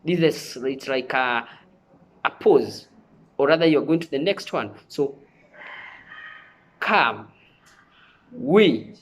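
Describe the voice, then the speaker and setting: Speaking unhurriedly in a medium-pitched voice, a Kenyan man teaches sign language in a televised lesson. He repeats himself frequently and keeps checking that his audience is following.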